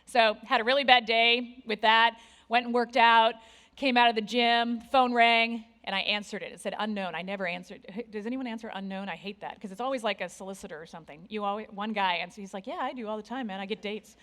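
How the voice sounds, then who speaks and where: A woman in her forties giving a candid, self-deprecating conference talk on stage, with lively asides to the audience. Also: fairly high pitch, fairly quick. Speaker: conference speaker.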